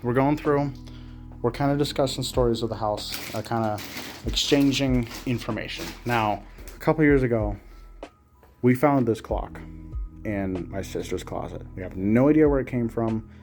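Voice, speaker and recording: A man investigating a house for ghosts, talking calmly and slowly as he coaxes spirits to answer. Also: mid-range voice, soft background music. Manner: calm, slow, coaxing when talking to spirits. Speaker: paranormal investigator. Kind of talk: live ghost-hunt talk. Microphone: headset.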